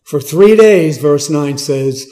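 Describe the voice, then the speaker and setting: A man's voice: fairly high pitch, lively intonation, takes it slowly, warm tone, faint music behind. A man preaching a Bible teaching in a conversational way, asking the listeners questions and stressing key words.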